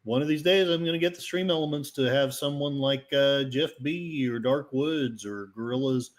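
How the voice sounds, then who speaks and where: A man's voice: mid-range voice, normal speed. A man hosting a casual livestream, rambling and self-deprecating as he reads the chat and talks to his pets. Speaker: livestream host. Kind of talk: casual live-stream chat.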